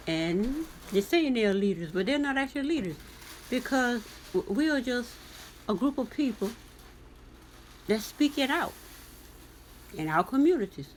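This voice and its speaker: A woman's voice: a little high, very animated, unhurried, pauses often, slight background noise. A woman from the United States vlogging, reading a news article aloud and commenting on it, talking back to the text with pointed questions.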